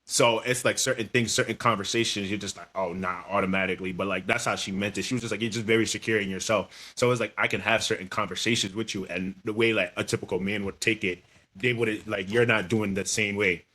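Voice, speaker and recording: Bright-voiced man, blunt and slangy. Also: lowish voice, fairly even intonation, fast. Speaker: podcast co-host. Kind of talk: casual chat among friends.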